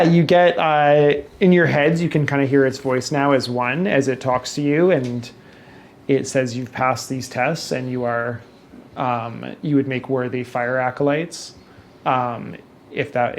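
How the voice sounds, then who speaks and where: A man narrating a tabletop game as game master, in a halting way with many fillers and restarts. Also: mid-range voice, fairly even intonation, slight background noise. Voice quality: gravelly.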